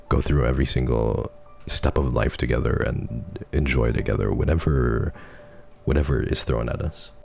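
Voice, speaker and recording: A soft-spoken, earnest man chatting casually on a stream while reading messages, laughing often and getting teary. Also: very deep voice, vocal fry. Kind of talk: casual chat reading donations.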